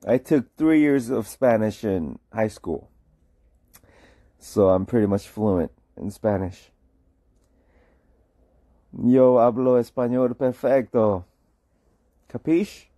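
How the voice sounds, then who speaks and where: A man with a sore throat and a husky voice, joking around with viewers in a casual livestream. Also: fairly low pitch, expressive, slow pace, mellow, dry recording. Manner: joking, playful banter with viewers. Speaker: livestream host.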